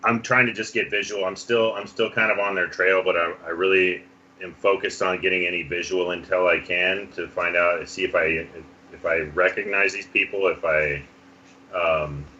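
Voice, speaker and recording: A man playing a tabletop role-playing game, thinking aloud in a halting, thoughtful way. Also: deep voice, steady tone, pushed and bright, a little hiss or hum. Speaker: player. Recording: dull lo-fi home mic.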